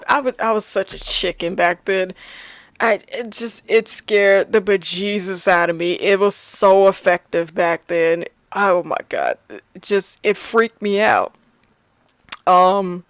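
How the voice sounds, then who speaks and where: A woman's voice: mid-range voice, dry recording. A woman in her thirties chatting casually about her favorite films, laughing often and restarting her sentences. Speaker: movie reviewer. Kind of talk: casual movie review chat.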